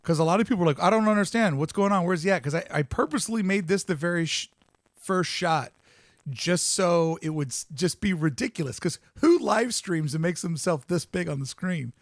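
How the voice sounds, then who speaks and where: Podcast host, man, fairly high gravelly voice, dry close sound, chatty and quick to laugh. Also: expressive, no room sound. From Southern California. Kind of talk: casual commentary.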